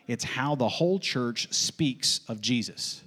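A man preaching a sermon as pastor, emphatic and folksy, repeating questions and answers in a steady call-and-response rhythm. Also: mid-range voice, slow pace. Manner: folksy asides with light laughs.

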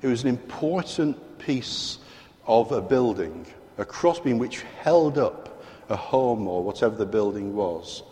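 A man's voice: medium pitch, lively intonation, unhurried, dark tone. A man with a British accent preaching a sermon, emphatic and fond of rhetorical questions to the congregation. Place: large church hall. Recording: long hall reverb.

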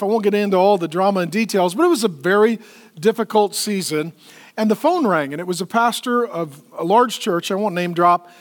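A middle-aged man, a pastor, preaching a sermon in a conversational, animated way and joking with the congregation. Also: high-pitched. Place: church auditorium. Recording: long reverb of a large hall.

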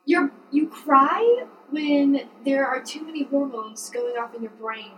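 High-voiced chatty woman, roomy sound. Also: measured pace, fairly bright tone, recorded from a distance, a little hiss or hum. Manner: chatty, explanatory, laughs often. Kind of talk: casual conversational chat.

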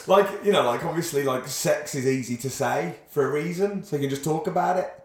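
A man's voice: on the high side, fairly quick, roomy sound. A man co-hosting a podcast, giggly and meandering as he thinks aloud. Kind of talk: casual chat.

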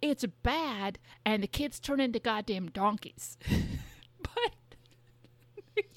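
A young woman co-hosting a podcast in casual chat, talking fast with lots of fillers and swearing. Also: on the high side, animated, dry recording. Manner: chatty, swears, many fillers. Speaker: podcast co-host.

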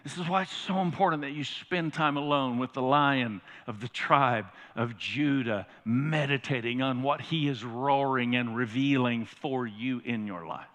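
A male pastor preaches emphatically in a large church sanctuary, often putting questions to the congregation. His medium-pitched, fairly bright voice moves at a measured pace with few pauses, and the church hall sound is reverberant.

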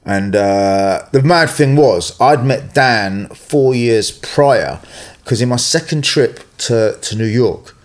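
A man's voice: medium pitch, expressive, takes it slowly. A middle-aged man with an English accent, telling long, rambling stories in casual chat, full of "you know" and "right?". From England.

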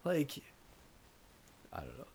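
A man's voice: takes it slowly, a little mellow, slight background noise. Joking man telling a story to friends. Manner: jokey, teasing, acts out quotes. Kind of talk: casual chat among friends.

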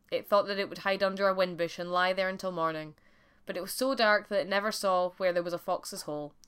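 A woman narrating a folk tale for a podcast in a clear, expressive storytelling voice. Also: medium pitch.

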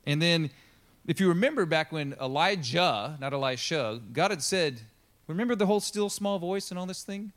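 A man preaching in a loose, conversational way, leaping into the characters' voices as he goes. His voice sits a touch higher than most men's. He is lively and easygoing rather than formal. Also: moderate pace. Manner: animated, chatty, acts out the characters. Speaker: pastor. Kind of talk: casual storytelling sermon. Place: church.

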